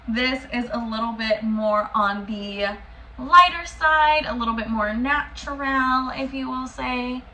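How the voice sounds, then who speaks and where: A young woman talks straight to the camera in an easy, gushing way, as a beauty vlogger. Her voice sits a touch high and sounds bright. Faint room hiss runs underneath. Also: slow pace. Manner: chatty, effusive, gushing. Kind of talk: casual talk to camera.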